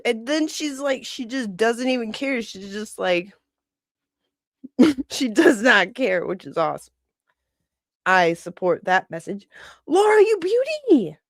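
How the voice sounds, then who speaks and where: Slow-talking chatty woman streamer. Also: on the high side, no echo, clean studio sound. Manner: chatty, gossipy, laughs often. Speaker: livestream host. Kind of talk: casual livestream commentary.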